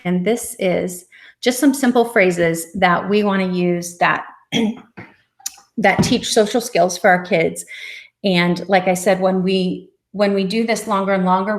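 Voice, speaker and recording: A middle-aged woman, a family therapist, giving a parenting talk in a gentle, encouraging way, sometimes acting out short exchanges with a child. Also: mid-range voice. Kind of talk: presentation with slides.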